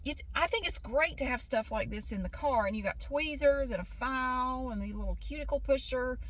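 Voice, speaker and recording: A woman's voice: high-pitched, brisk. A middle-aged woman chatting casually in a rambling vlog, often laughing as she talks. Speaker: vlogger.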